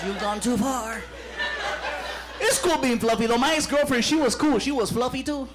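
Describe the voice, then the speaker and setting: A man's voice: very high-pitched, normal speed, a crowd in the background, background noise. A man doing stand-up comedy, acting out scenes with sound effects. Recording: live stand-up with loud audience laughter.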